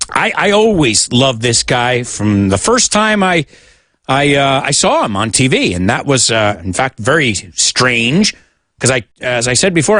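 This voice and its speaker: A man's voice: mid-range voice, fairly bright tone, dry recording, clean studio sound. An American man hosting a radio show that teaches English, chatting in a jokey way and switching between English and Spanish. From United States.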